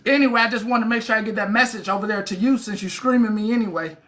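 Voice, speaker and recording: A bright, sharp-toned voice addressing a livestream chat in a long monologue. The talk is coarse and mocking, circling back over the same jabs again and again. It has the close, informal sound of a phone held indoors at home. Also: medium pitch, fast, slight background noise. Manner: profane, taunting, repetitive.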